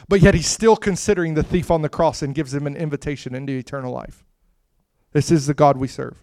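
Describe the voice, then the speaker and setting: A man preaching a sermon with impassioned delivery that swells to loud, emphatic peaks and drops to soft, hushed lines. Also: on the high side, steady tone, brisk, dry recording, clean studio sound.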